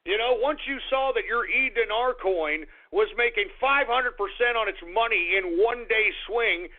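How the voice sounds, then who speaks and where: A man's voice: high-pitched, moderate pace. A man hosting a radio show, talking bluntly and emphatically about crypto markets, swearing for emphasis. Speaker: radio host. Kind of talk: casual crypto market talk. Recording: tinny phone-like radio sound.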